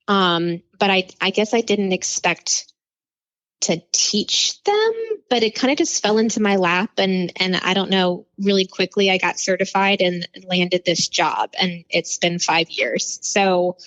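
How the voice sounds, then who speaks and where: A woman's voice: lowish voice, a little slow, a bit bright, no echo. Young woman, teacher, rambling candid chat, muffled lo-fi sound, dry room. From New Orleans, USA. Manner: candid, rambling, self-deprecating. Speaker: fourth grade teacher, guest. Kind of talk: casual interview chat. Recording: dull lo-fi audio.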